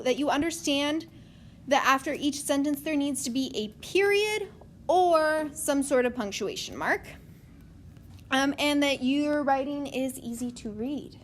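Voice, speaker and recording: High-voiced woman teaching a writing lesson. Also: a little hiss or hum. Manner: explains step by step, often adds okay.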